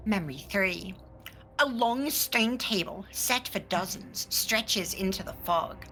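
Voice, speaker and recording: A woman giving a soft, measured dramatic reading of a scene in a tabletop game. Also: medium pitch, lively intonation, a little hiss or hum, low-quality recording. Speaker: player reading a scene aloud.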